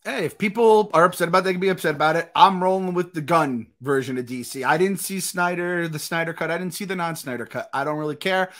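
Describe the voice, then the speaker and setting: A man co-hosting a podcast, chatting excitably with lots of swearing and laughter. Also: fairly high pitch, fast, hardly any pauses. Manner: excitable, profane, laughs often. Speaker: podcast co-host. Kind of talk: casual podcast chat.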